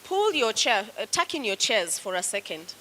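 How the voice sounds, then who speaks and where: A woman's voice: fairly high pitch, big pitch swings, noisy background. A woman with a Kenyan accent, teaching a public speaking class and coaching students through exercises in an encouraging way. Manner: slow, coaching, encouraging commands. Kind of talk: classroom instruction.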